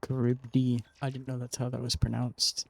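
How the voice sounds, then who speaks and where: A man's voice: medium pitch, level tone, a little fast, creaky. Jokey young man playing games. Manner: jokey, teasing game characters. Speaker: gaming streamer. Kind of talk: casual let's play commentary.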